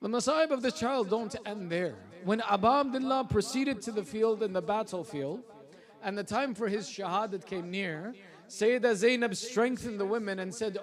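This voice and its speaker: High-voiced man preaching a mournful sermon. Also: moderate pace. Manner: elegiac, swelling to impassioned shouting.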